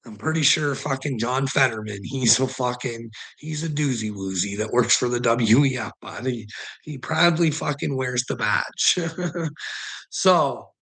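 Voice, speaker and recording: Canadian guy, gravelly voice, sweary rambling vlog rant. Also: mid-range voice, unhurried, a bit bright, rough recording. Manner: rambling, profane, chuckling. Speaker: vlogger. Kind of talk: casual rant to viewers.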